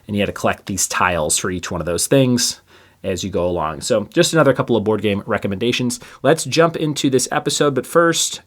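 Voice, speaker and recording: A man's voice: lowish voice, animated, fairly quick. A man hosting a trivia podcast, reading each question twice and adding chatty asides between answers. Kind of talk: casual quiz reading.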